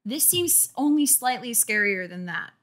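A woman's voice: a little high, sing-song, a little slow, a bit bright. A woman reading a children's horror book aloud while a bit tipsy, dropping in wry joking asides. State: tipsy from drinking.

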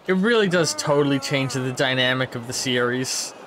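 A man's voice: medium pitch, moderate pace, fairly bright tone, slight background noise. A man giving casual, playful commentary over a video game, muttering to himself and now and then putting on silly voices. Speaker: gameplay streamer. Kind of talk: casual let's-play commentary.

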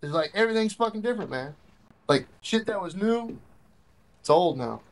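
A young man with a fairly high voice tells rough war stories, full of swearing and rambling asides. It sounds like a handheld camcorder recording made on a military base. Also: lively intonation, moderate pace, low-quality recording. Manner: profane, rambling, laughs while telling. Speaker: soldier. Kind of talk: casual war story.

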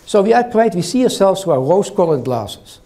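An older man with a foreign accent lectures in a hall, teasing and quizzing his audience along the way. He speaks briskly in a high-pitched, mellow voice with big swings in pitch.

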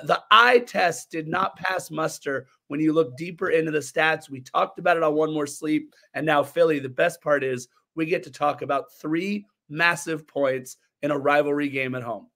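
A man co-hosting a casual soccer podcast, his voice hoarse from cheering, telling stories in an animated, rambling way. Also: on the high side. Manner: rambling, animated storytelling with restarts. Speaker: podcast co-host. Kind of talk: casual sports podcast chat.

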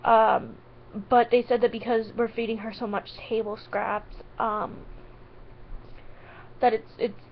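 A tearful woman pleading in a vlog, halting with many ums and restarts and on the verge of crying. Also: a little high, flat delivery, slight background noise. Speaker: vlogger. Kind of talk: emotional direct-to-camera vlog. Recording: dull lo-fi sound.

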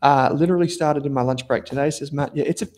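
A man's voice: on the high side, fairly even intonation, fast, a little mellow. An Australian man hosting a casual investing livestream, chatting loosely with viewers, rambling and correcting himself as he goes. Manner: chatty, rambling, self-correcting, informal slang. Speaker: livestream host, investment analyst. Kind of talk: casual live-stream talk, reading viewer comments.

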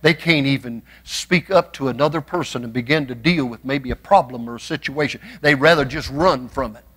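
A man preaching a church sermon, swinging from folksy storytelling to passionate shouting. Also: mid-range voice, fairly quick. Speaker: pastor.

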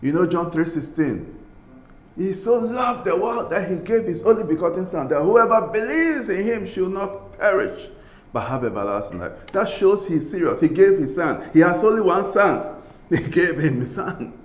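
A man from Ghana preaching a sermon as pastor, swinging between loud passionate bursts and hushed pleading. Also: high-pitched, very animated, normal speed, echoey room.

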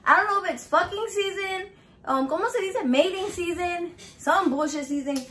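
This home cook has a high voice and a filthy mouth, speaking at an ordinary pace with a little background noise. Filming a recipe vlog in her kitchen, she spins animated, profane, crude stories.

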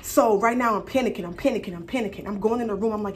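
A young woman vlogger telling a personal story in a casual, animated, profane and slangy way. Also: mid-range voice, very fast.

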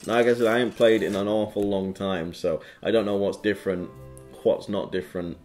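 A man's voice: fairly low pitch, steady tone, fairly quick, darkish tone, faint music behind. A man hosting his own gaming channel, casually commenting on a card game with playful quips and goofy sound effects while reading card text aloud.

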